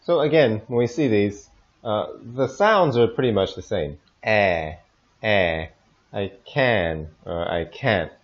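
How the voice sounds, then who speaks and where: A man teaching pronunciation, slowly modeling example phrases into a desk microphone. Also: fairly low pitch, highs cut off. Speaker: English teacher. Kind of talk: pronunciation lesson. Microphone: desk microphone recorded in audio software.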